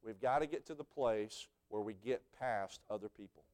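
A man preaching a folksy sermon, telling stories and rising to shouted fervor. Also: fairly low pitch, moderate pace.

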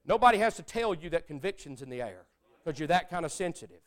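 High-voiced preacher, shouting to hushed. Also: male voice, big pitch swings, fast talker. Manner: swings between shouting and hushed prayer voice. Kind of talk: sermon.

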